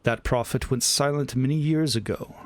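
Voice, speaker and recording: A man voicing a grim, haughty ancient djinni lord who speaks slowly and with scorn. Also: medium pitch, lightly acted. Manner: slow, scornful and lordly.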